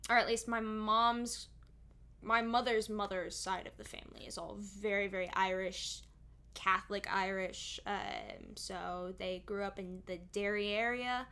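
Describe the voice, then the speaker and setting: A woman's voice: mid-range voice, steady tone, unhurried, bright, forceful tone, smooth. A young woman, a singer and streamer, chatting casually on stream and explaining at length with many asides.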